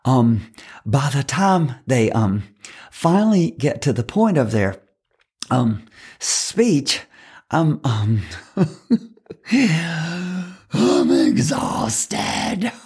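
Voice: mid-range voice, sing-song, slow pace, pauses often, darkish tone, breathy edge. A coach for fundraisers teaching public speaking in an instructional talk, emphatic and repeating key words.

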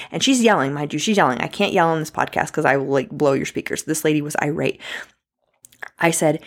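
A woman's voice: deep voice, quick pace. A young adult woman hosting a podcast, telling a story in a casual way and acting out the voices she quotes. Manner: animated, acts out quoted voices. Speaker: podcast host.

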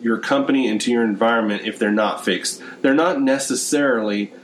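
A man's voice: medium pitch, a little fast, slight background noise. A man hosting a business conversation, explaining points steadily and often saying "you know".

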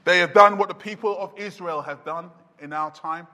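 A man preaching a sermon, swinging from loud shouts down to near-whispers. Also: sits high, moderate pace. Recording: long reverb of a hall.

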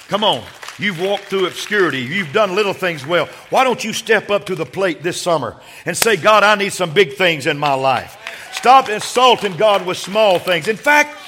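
High bright-voiced pastor preaching. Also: male voice. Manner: preaching with big swings from hushed to shouting. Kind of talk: sermon. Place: church sanctuary.

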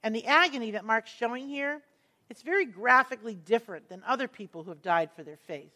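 A woman teaching a Bible passage, earnest and emphatic, slowing down to stress key words as she explains the verses. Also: on the high side, lively intonation, bright, forceful tone.

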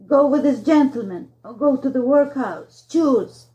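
A woman voicing a rough, bullying peasant man who speaks harshly and threateningly. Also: high-pitched, unhurried, warm tone, muffled recording.

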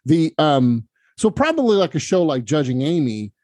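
A man hosting a podcast interview, chatting with quick affirmations and thinking aloud with fillers. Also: on the high side, big pitch swings, a little mellow, no echo, studio quality. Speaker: podcast host. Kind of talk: interview conversation.

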